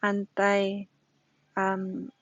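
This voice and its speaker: A woman's voice: mid-range voice, monotone, drawn-out words, dry recording, dull audio. A middle-aged woman giving a casual weekly tarot reading, emphatic, repeating her points and telling stories to make them. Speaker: tarot reader.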